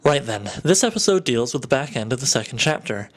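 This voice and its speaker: A man's voice: medium pitch, very animated, brisk. A man vlogging to camera, explaining poetry exercises in a dry, self-mocking, playful way. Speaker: video blogger. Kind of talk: wry explanatory talk to camera.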